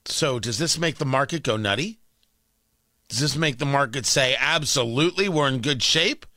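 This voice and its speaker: Casting: male talk-radio host, lively pitch, bright tense tone, dry studio sound, wry and animated. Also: no echo. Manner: animated, wry, self-correcting.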